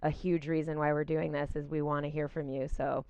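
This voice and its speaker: A woman's voice: deep voice, little pitch movement, fairly quick, a little mellow, clean tone, no room sound, muffled recording. A woman co-hosting a casual podcast, chatty, laughing often and full of "you know" and "like" fillers. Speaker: podcast co-host.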